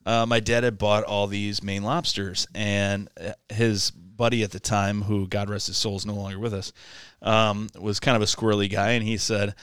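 A man co-hosting a podcast, telling a story in a casual, animated, halting way. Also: fairly low pitch, clear, resonant tone, dry recording. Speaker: podcast co-host.

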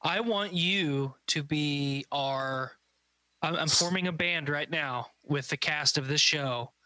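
Male podcast co-host, bright clear voice, rambling jokey storyteller. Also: on the high side, slow, no echo. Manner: joking, rambling, does goofy voices. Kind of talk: casual banter.

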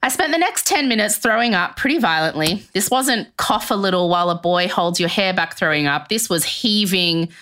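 A woman's voice: mid-range voice, lively intonation, moderate pace, hardly any pauses, pushed and bright. A woman hosting a podcast who reads a personal essay aloud, breaks into chatty asides, laughs often and acts out other people's voices. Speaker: podcast host.

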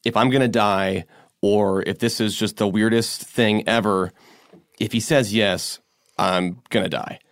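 A man's voice: fairly low pitch, a little slow, no room sound, studio quality. Casual man retelling a story. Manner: animated retelling, acts out quotes. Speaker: podcast co-host.

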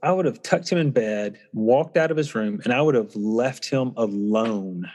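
Earnest guy telling a story, mid pitch, kinda reflective, trips over words, echoey hall reverb. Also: moderate pace, darkish tone. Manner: reflective, earnest, frequent restarts. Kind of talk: casual conversational storytelling.

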